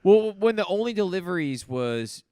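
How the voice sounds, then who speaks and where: A man's voice: sits high, big pitch swings, normal speed, mellow, smooth, dry recording, clean studio sound. A man born in the United States, hosting a podcast, telling comedic stories in casual chat and laughing mid-sentence. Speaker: podcast host.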